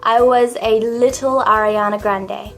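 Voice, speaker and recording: A woman's voice: fairly even intonation, a little slow, fairly bright tone, faint music behind. A young woman in her late teens with an Australian accent, telling a personal story to camera in a chatty, self-mocking way and swearing casually. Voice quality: naturally high voice. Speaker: vlogger.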